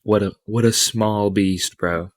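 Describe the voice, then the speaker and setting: A man co-hosting a podcast in casual chat, sleepy and low on energy, laid-back and swearing a lot. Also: fairly even intonation, a little slow, dry recording. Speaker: podcast co-host.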